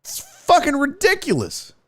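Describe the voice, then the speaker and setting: A man's voice: extremely high pitch, wildly swooping pitch, unhurried, a bit bright. Profane, exasperated man ranting live. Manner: mocking sing-song impressions in quotes. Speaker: sports show host. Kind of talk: live-streamed sports rant.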